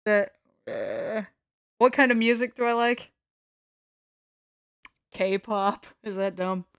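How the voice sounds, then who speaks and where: A woman from the United States sits on the floor at home for a casual livestream, wandering from topic to topic and teasing herself playfully. She speaks slowly and smoothly in a medium-pitched, steady voice, captured in a dry, studio-quality recording.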